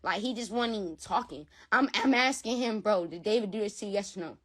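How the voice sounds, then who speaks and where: A woman who has a school-age son appears as an interview guest, talking a little fast at medium pitch. She describes a personal quarrel in blunt terms, with plenty of swearing and repetition.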